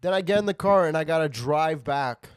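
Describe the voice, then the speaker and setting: A man hosting a casual podcast, telling animated stories with lots of swearing. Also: on the high side, a little fast, clear, resonant tone, no room sound, studio quality. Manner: animated storytelling, swears a lot, yells when worked up. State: recovering from a cold. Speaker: podcast host, comedian.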